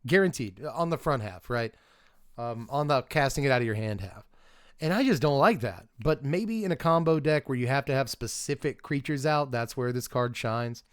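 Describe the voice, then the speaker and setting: A man's voice: medium pitch, expressive, normal speed, clear, resonant tone, no echo, clean studio sound. A man doing a casual live-stream review of game cards, chatting and thinking aloud with rambling asides and restarts.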